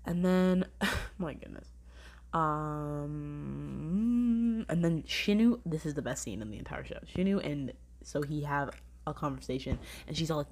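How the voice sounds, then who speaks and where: Low-voiced woman gushing casually. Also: measured pace, pauses often, a little hiss or hum. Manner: rambling, gushing, swears casually, many "like" fillers. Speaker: drama reviewer. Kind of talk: casual weekly review vlog.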